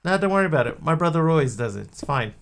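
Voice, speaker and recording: A man's voice: fairly high pitch, very animated, rapid-fire, gravelly, slight background noise, voice pushed up. A man voicing a reckless male taxi driver in a joke, casually dismissive and unbothered. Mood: breezy.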